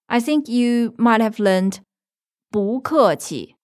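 A woman's voice: fairly high pitch, animated, slow, a little mellow. A woman teaching on a language lesson podcast, patiently explaining and giving example sentences, recorded in a studio. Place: studio in Beijing.

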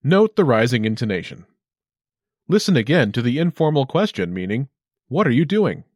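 A man hosting a short language lesson, reading scripted narration with a clear, upbeat instructional delivery. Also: mid-range voice, sing-song, normal speed, darkish tone, dry recording.

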